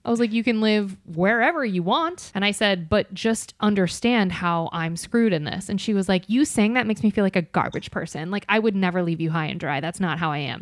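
A woman's voice: mid-range voice, brisk, hardly any pauses, no echo, studio quality. A woman in her twenties, a podcast co-host, telling a story in casual chat and acting out the quoted dialogue.

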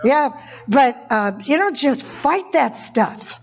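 A woman's voice: high voice, animated, takes it slowly, gravelly. A woman preacher giving an informal sermon, chatty, laughing often and repeating phrases for emphasis. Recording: dull lo-fi recording.

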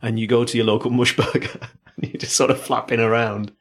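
Husky-voiced man, rambling. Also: medium pitch, level tone, fairly quick, a bit bright. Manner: rambling, playful storytelling. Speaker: podcast co-host. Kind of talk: casual chat.

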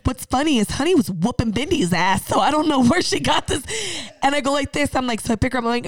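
A woman chatting casually, an animated storyteller who acts out quotes and swears freely. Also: fairly high pitch, fast talker, few pauses, no echo. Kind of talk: casual chat.

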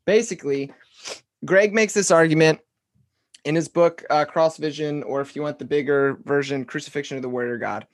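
Man, podcast host, casual interview, relaxed, fillers, slightly high pitch. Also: normal speed. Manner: relaxed, summarizing back, filler words.

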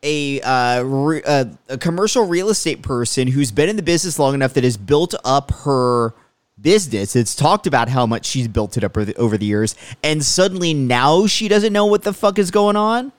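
A man's voice: mid-range voice, lively intonation, normal speed, clean tone, dry recording. A man co-hosting a podcast in casual chat, blunt and sarcastic, who swears freely. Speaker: podcast co-host.

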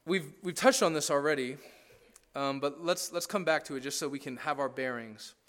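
A pastor with a high, slightly bright voice preaches at a moderate pace. He's conversational but emphatic, often checking in with the congregation and building each point through stacked parallel phrases.

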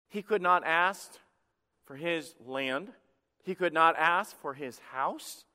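A man's voice: high-pitched, pushed and bright, in a large hall. A male pastor preaching a sermon, emphatic and repeating words as he builds up.

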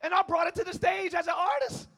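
A male pastor preaching a passionate sermon, swinging between shouting and hushed tones and talking straight to the congregation. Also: very high voice, quick pace, gravelly. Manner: talks directly to the congregation, calling them y'all.

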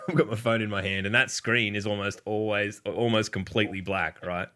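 A man's voice: lowish voice, fairly even intonation, normal speed, pushed and bright. An Australian man hosting a gaming chat stream, laid-back and swearing freely, laughing often. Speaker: stream host.

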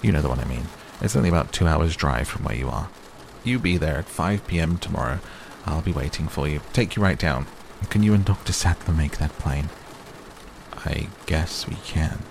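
A man's voice: very deep voice, expressive, normal speed, vocal fry, a little hiss or hum, full character voice. A man doing a cheery, pushy old tycoon. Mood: brisk. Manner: pushy, talks over others, distracted. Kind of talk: audiobook character reading.

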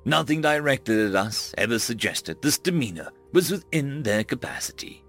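A man's voice: medium pitch, normal speed, gravelly, hardly any pauses, faint music behind. Man narrating a sci-fi audiobook expressively. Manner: dramatic, expressive storytelling.

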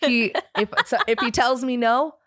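A woman co-hosting a casual podcast chat, telling animated stories and laughing often. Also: fairly high pitch, normal speed, no echo, studio quality. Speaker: podcast co-host.

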